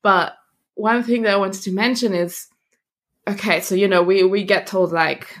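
A woman's voice: medium pitch, a little slow. A woman from Italy, a guest on a podcast, explaining her points in an earnest, conversational way. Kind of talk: casual conversational interview.

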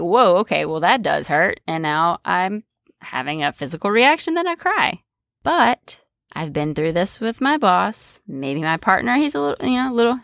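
A woman speaks as a coach in a relaxed, conversational monologue. Her voice sits low and has a gravelly fry. She keeps checking in with "right?" and laughs lightly now and then, recorded dry and close. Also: no room sound. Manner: conversational, often ends with "right?"; laughs lightly between points. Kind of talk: solo podcast-style monologue.

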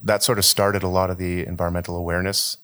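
Deep-voiced man talking fast. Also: level tone, a bit bright, clear, resonant tone. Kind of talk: casual conversation.

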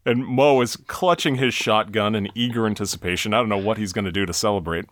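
A man co-hosting a podcast, recapping a TV episode in a casual, animated way. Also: fairly low pitch, no echo, studio quality. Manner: animated storytelling, quick asides. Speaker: podcast co-host.

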